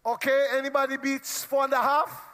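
High-voiced preacher in a hall. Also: male voice, flat delivery, normal speed, fairly bright tone. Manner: playful, teasing the congregation. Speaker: pastor leading a church meeting. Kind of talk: lively crowd interaction from the pulpit. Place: church hall with congregation. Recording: long hall reverb.

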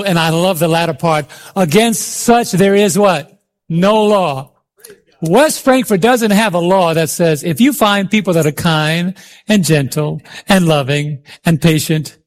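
A high-pitched man preaches with fervor, throwing questions out to the congregation and urging them to answer. His delivery is a passionate sermon, full of calls and repetition. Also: a little slow. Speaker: pastor.

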